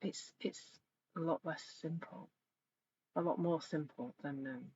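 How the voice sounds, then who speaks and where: A middle-aged woman coaching in a live online session, speaking reflectively and gently and growing animated when she retells stories. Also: low voice, a little slow, husky, no room sound. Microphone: video call. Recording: slightly dull lo-fi sound with faint noise.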